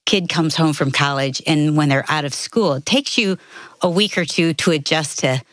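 A woman's voice: sits low, moderate pace, no room sound. A middle-aged woman in casual conversation, telling personal stories and acting out the voices she quotes. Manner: animated storyteller who acts out quoted voices. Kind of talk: casual chat.

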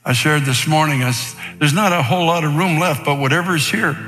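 A male pastor preaches a sermon in an emphatic way. His voice carries a long reverb, and music plays clearly underneath. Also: on the high side, a little fast, fairly bright tone.

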